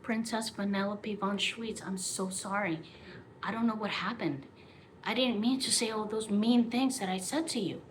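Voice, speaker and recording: A woman's voice: medium pitch, moderate pace, a little hiss or hum, close to an everyday voice. A woman voicing a flustered crowd of cartoon townsfolk, gushing and apologetic. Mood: pleading.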